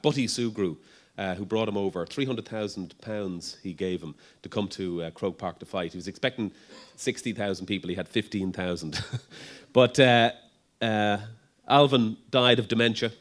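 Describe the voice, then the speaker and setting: A middle-aged man presents research at a conference in a low, relaxed voice. He talks conversationally, pausing on ums and restarting sentences, and drops in the odd dry joke. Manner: conversational, lots of ums and restarts, light humor. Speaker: neurologist giving a conference talk.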